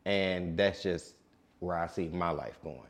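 Man, late twenties, very low voice, calm laid-back DJ guest. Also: measured pace. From Detroit. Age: late 20s. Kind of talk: casual interview.

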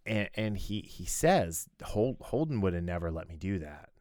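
Low-voiced man rambling on a podcast. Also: big pitch swings, normal speed, darkish tone, no room sound, clean studio sound. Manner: rambling, many fillers and restarts, laughs often. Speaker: podcast co-host. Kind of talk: casual chat.

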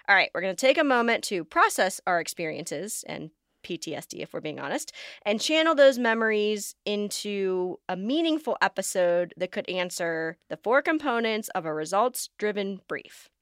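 Woman cohosting a podcast, kinda sarcastic and wry, smooth clear voice, dry close sound. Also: mid-range voice, animated, normal speed, fairly bright tone, no echo. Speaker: podcast co-host. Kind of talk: conversational podcast talk.

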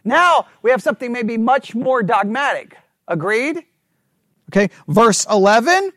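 A man teaching a Bible class, thinking out loud and checking in with listeners often for agreement. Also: very high-pitched, animated, unhurried, no room sound, studio quality. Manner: talks through ideas out loud with restarts.

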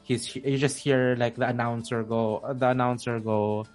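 A man running a tabletop game as game master, narrating in a halting way with many restarts and fillers. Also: medium pitch, little pitch movement, darkish tone, faint music behind.

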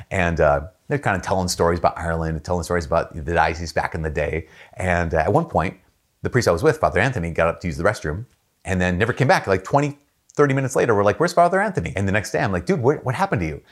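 Deep-voiced fast-talking priest. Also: male voice. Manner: storytelling, jumps up in pitch to act out quoted people; relaxed, chatty, with frequent fillers and restarts. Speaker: Catholic priest. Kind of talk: casual faith talk to camera.

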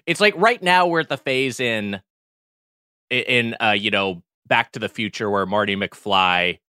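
A man's voice: lowish voice, unhurried, bright, forceful tone, clear, resonant tone, no room sound, clean studio sound. A man from Long Beach, California co-hosting a podcast, telling stories in casual chat with quoted voices and emphatic swearing. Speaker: podcast co-host.

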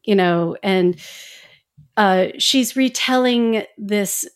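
A talkative woman co-hosting a podcast, speaking in a relaxed, casual way. She fills her sentences with little fillers and laughs often. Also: medium pitch, drawn-out words, clean tone. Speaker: podcast co-host.

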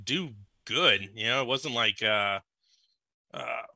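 A man's voice: mid-range voice, slow, bright, forceful tone, dry recording. A man from Louisiana chatting as a podcast guest, rambling through a story and acting out the scene in raised voices. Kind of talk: casual chat, storytelling.

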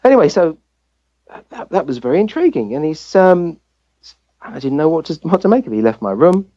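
An English man recounts a personal story as an interview guest. His pitch swings widely as he acts out the voices of people he quotes. The recording is dull and lo-fi. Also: a little fast. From England. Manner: lively anecdote-telling, acting out quoted voices. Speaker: guest, family physician.

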